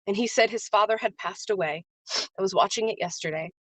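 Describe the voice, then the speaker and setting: A woman talks a little fast in a medium-pitched voice while hosting a live stream. She's a faith-based business coach offering an earnest, emotional motivational message, repeating key phrases and welcoming viewers by name.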